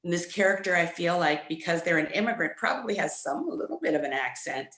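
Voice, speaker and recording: Soft-pitched woman, echoey room. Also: very animated, fast talker. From United States. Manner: hesitant, thoughtful, laughs between phrases. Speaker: actor on a press panel. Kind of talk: virtual press conference answer.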